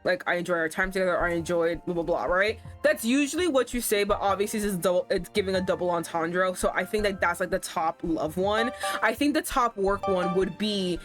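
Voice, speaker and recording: Animated swearing young woman streamer. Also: lowish voice, fairly quick, hardly any pauses, soft background music. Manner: animated, swears, reads game text aloud. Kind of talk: casual gameplay commentary.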